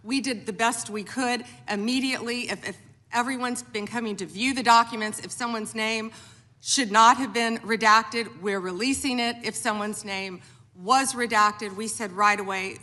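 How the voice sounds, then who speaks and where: A woman testifying as a witness at a congressional hearing, answering briskly and emphatically in a defensive tone. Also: mid-range voice, fairly even intonation, bright, forceful tone, long reverb tail. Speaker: attorney general testifying.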